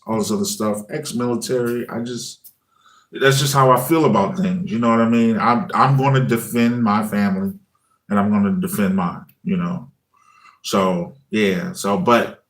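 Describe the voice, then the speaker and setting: A man hosting a casual morning livestream, talking in a loose, easygoing way and often asking "you know what I mean?". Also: medium pitch. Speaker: livestream host. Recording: echoey room.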